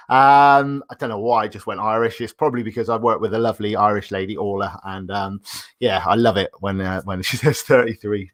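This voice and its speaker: Male podcast host, bubbly and chatty, mid-pitched, dry close-miked sound. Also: normal speed, fairly bright tone, no echo. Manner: upbeat, chatty, laughs often. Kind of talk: live solo podcast chat.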